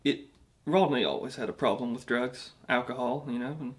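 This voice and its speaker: A man's voice: medium pitch, normal speed, lightly acted. A man plays a washed-up British rock singer, vain and sorry for himself. He rambles through his mockumentary interview, restarting his sentences as he boasts. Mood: rambling.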